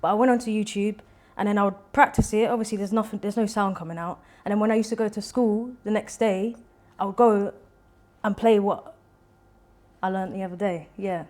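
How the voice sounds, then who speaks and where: A young woman, a singer-songwriter, chatting as a guest in an interview and telling stories with lively quoted voices. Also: medium pitch, brisk. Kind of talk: casual interview chat.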